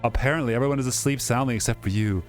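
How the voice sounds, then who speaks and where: Speaking very fast in a mid-range voice, a young man reads a story game aloud for a casual let's-play. The reading is dramatic, punctuated by jokes, with faint music in the background.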